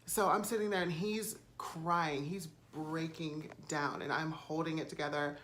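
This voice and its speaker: A woman's voice: low voice, steady tone, unhurried, fairly bright tone, a little hiss or hum. A woman vlogger recording on a phone camera at home, telling a story casually with lots of fillers and swearing. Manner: chatty, swears freely, many fillers.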